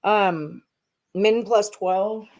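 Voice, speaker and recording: A woman's voice: mid-range voice, steady tone, drawn-out words, a little mellow. A woman hosting a live sports betting stream, chatting casually and thinking aloud to her viewers as she goes through picks. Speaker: sports betting show host.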